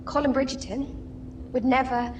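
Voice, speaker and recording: A woman's voice: high voice, steady tone, moderate pace, darkish tone, natural voice. Brief: a woman playing a formal, evasive young lady, heard from afar in a period-drama clip. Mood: defensive. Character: flustered young society lady, guarded. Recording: distant clip with background noise.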